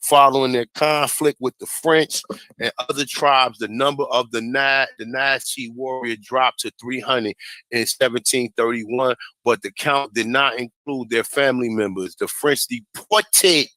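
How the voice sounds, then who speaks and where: A man's voice: mid-range voice, unhurried, pushed and bright, dry recording, low-quality recording. A man who hosts a casual commentary vlog. He curses freely, rants with heat, and stumbles over names as he reads a text aloud. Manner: profane, heated, stumbles over names while reading. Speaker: host.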